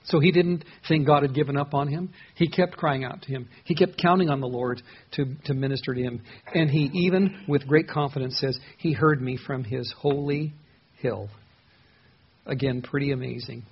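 A man's voice: mid-range voice, normal speed, breathy edge, lo-fi sound. A man preaching an earnest, conversational sermon on a psalm as a pastor, often restarting his sentences.

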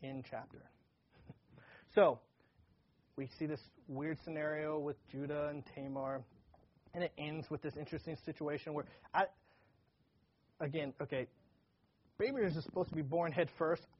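A man's voice: fairly high pitch, slightly rough. A man teaching from the Bible in a casual, conversational way, now and then acting out the people in the story with energy. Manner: conversational, acts out dialogue animatedly. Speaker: pastor. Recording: dull lo-fi recording.

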